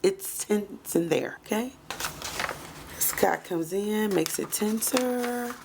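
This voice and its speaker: A woman's voice: mid-range voice, slow, creaky, noisy background. A woman recapping a reality show in a chatty, sassy way. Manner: chatty, sassy, says "child" and "moving on" often. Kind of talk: casual recap commentary.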